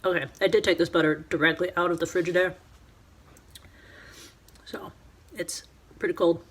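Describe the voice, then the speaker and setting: A woman hosting a casual cooking show from her home kitchen, talking chattily and excitably to viewers as she works through each step. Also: on the low side, moderate pace. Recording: background noise and clicks.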